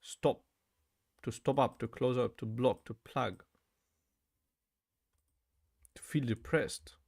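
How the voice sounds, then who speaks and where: A man's voice: medium pitch, steady tone, a little slow, creaky, darkish tone. Chatty man repeating words aloud. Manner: thinks aloud, repeats words, says "bro" often. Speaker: language learner vlogger. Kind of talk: casual study vlog.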